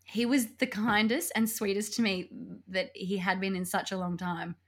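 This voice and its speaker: A young adult woman, co-hosting a podcast and telling a breakup story in casual chat, animated and laughing often. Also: mid-range voice, normal speed. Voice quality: animated, laughs often, acts out quoted voices. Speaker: podcast co-host.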